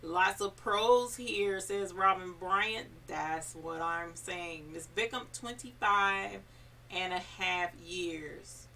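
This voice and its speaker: A woman's voice: lowish voice, slow, pushed and bright, distant mic, slight background noise. A woman hosting a casual live stream, chatty and encouraging, reading viewer comments aloud. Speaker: embroidery channel host.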